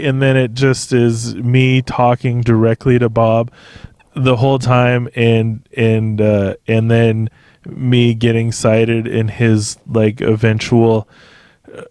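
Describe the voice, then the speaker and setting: A man talks alone into his podcast mic and wanders from one tangent to the next. He swears freely and keeps laughing at himself. His voice sits at a middle pitch and the sound is dry. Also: level tone, takes it slowly, darkish tone, clear, resonant tone, dry recording. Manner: profane, digressive, laughs often. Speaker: podcast host. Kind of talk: rambling solo podcast monologue.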